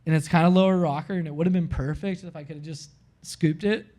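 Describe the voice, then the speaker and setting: A man from Florida, a guest on a live podcast, telling a long story in an animated way, peppered with "like" and acting out what people said. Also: on the high side, a little fast. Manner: animated, heavy use of "like", acts out his own quotes.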